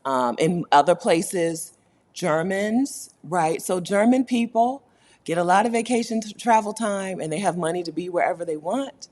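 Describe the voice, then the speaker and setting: A woman's voice: lowish voice, normal speed, a little mellow. A woman hosting a casual livestream chat, talking candidly and laughing often. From United States. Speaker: host.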